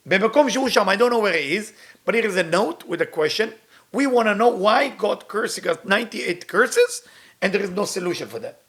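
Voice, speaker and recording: Man, high voice, quick, reads then explains in English. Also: animated, a bit bright. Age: middle-aged. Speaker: Kabbalah teacher. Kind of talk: storytelling lesson with translation.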